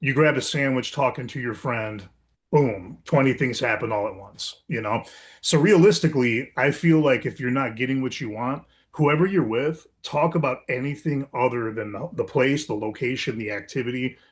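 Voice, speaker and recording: Guy guest just chatting, laid back, gives advice in a steady middle voice. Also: mid-range voice, moderate pace. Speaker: paranormal investigator guest. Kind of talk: casual chat.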